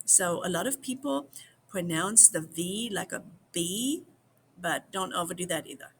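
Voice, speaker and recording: Slow, gravelly woman teaching phrases. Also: on the low side, animated, fairly bright tone, a little hiss or hum. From United States. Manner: drills phrases slowly, repeats them for viewers. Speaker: language teacher. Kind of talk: slow repeat-after-me language lesson.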